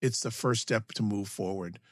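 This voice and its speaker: A man's voice: fairly low pitch, normal speed, no room sound, studio quality. A man co-hosting a casual parenting advice chat, speaking in an affirming way with clipped restarts. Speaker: podcast co-host.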